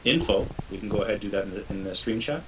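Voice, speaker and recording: Low-voiced male co-host, halting and curious, set back from the mic with keyboard clatter. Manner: hesitant, curious, asks questions. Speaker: stream co-host. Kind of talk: casual live stream chat. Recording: distant mic with faint hiss and typing.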